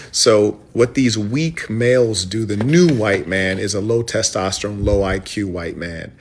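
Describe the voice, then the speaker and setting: A man lectures in a long commentary rant, mocking others as he goes. His voice is on the low side. Faint noise sits underneath. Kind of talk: ranting commentary.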